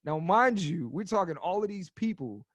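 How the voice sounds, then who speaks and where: A man in his thirties, a comedian guest telling stories on a podcast in a casual, animated way, swearing freely and getting loud as he goes. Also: high-pitched, normal speed, dry recording. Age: 30s.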